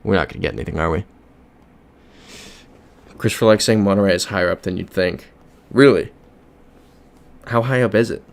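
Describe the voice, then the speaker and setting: A man's voice: low-pitched, a little fast, creaky, pauses often. A young American man streaming a geography game, chatting casually, muttering guesses and reading viewer comments aloud. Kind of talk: casual live-stream chat while playing a geography game.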